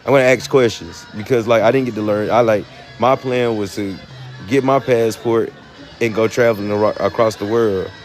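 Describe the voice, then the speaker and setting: A man's voice: lowish voice, fairly even intonation, moderate pace. A man with a Southern US accent talking casually on a phone live stream, rambling with many fillers and laughs. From United States. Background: music.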